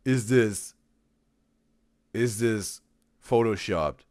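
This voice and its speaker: Male live streamer, low voice, animated, dry room; rambles and reads chat. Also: drawn-out words, long pauses, no room sound. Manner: rambling, repeats words, reads chat aloud. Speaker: reaction streamer.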